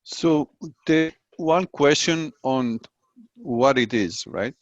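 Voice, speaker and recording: A man asking questions in a spiritual group discussion, halting and searching for words. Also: mid-range voice, no echo, lo-fi sound. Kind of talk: casual discussion.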